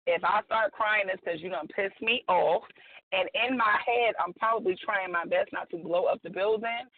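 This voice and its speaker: Calling in over a tinny phone line, this woman is a guest author on a radio chat show. She talks at a moderate pace in a mid-range voice, outspoken and emphatic, bluntly making her points with lots of slang.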